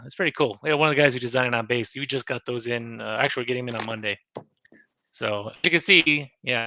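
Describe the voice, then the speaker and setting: Guy rambling about his coins, bright punchy voice, dry close sound, lots of uh and um. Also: mid-range voice, vocal fry, no echo. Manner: rambling, halting, many fillers and restarts. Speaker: navy chief and guest. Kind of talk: casual show-and-tell chat.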